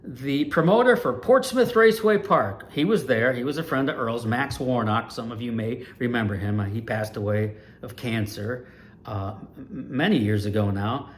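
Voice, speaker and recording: A man in his sixties from Ohio, an animated storyteller recalling his years as a race announcer. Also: mid-range voice, moderate pace, slight background noise. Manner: animated, lively storyteller with big swings in loudness. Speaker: retired dirt track race announcer, channel host.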